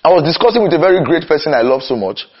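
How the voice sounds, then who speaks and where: Young guy preaching hard, slows way down then rushes, kinda muffled lo-fi sound. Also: on the high side, lively intonation. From Nigeria. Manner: impassioned, swings between slow emphatic cries and rapid runs. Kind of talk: sermon. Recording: dull lo-fi recording.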